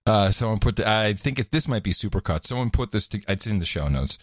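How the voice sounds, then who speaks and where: Laughing, lively male podcast co-host. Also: lowish voice, quick pace, dry recording, clean studio sound. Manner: laughs a lot, animated, trails off in restarts. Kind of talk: casual chat.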